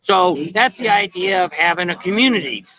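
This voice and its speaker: A man's voice: high voice, expressive, brisk, sharp tone. A middle-aged man hosting a casual livestream from an outdoor patio, rambling in a folksy way with many fillers. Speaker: vlog host. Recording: dull lo-fi phone stream.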